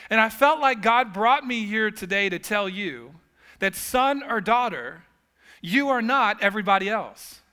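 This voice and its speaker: A man's voice: sits high, pushed and bright, clean tone. A man preaching a sermon as pastor, telling humorous stories with casual asides.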